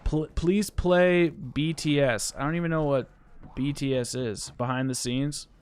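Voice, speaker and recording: A man's voice: a little high, fairly even intonation, unhurried, a little mellow, clear, resonant tone. A man casually chatting on a live stream while gaming, rambling and reading chat aloud.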